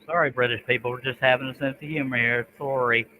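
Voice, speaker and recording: Bright joking canadian guy hosting a live stream, light noise behind. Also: medium pitch, steady tone, fast, rough recording. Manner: jokey, teasing banter. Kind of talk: casual live stream chat.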